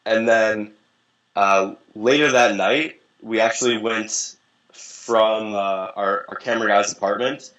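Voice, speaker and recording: Bright-voiced young man telling stories. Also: lowish voice, slow, lo-fi sound. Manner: animated, profane, acts out quoted voices. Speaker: interview guest, dating coach. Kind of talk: casual storytelling.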